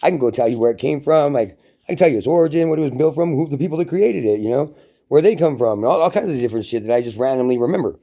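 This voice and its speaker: A man's voice: mid-range voice, lively intonation, very fast, mellow. A man giving a heated, profane monologue rant to camera as a vlogger, telling it like a story.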